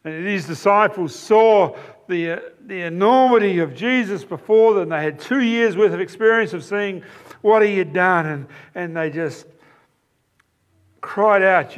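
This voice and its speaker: A man's voice: sits high, measured pace. A man preaching a sermon, explaining a passage with emphatic, repeated phrases.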